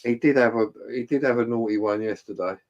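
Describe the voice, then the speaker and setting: A man in relaxed conversation. He circles his point with repeated false starts and tag questions. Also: mid-range voice, fast, dull audio, slight background noise. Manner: rambling, hesitant, with repeated restarts. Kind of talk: casual chat.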